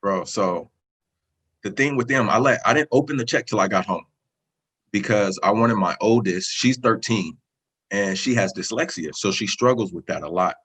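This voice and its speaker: A man in his thirties with a low, husky voice tells his story in a casual interview over a video call. He speaks earnestly and with feeling, running his phrases together loosely. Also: normal speed, fairly bright tone, rough recording. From California. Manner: earnest, emotional, talks in loose run-on phrases. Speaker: interview guest, student sharing a success story.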